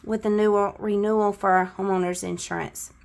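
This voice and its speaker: A woman's voice: medium pitch, level tone, normal speed, vocal fry, a little mellow. Southern woman, middle-aged, chatty budgeting vlogger, counts cash aloud, slight cough. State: coughing now and then. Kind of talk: casual talk to camera while counting cash.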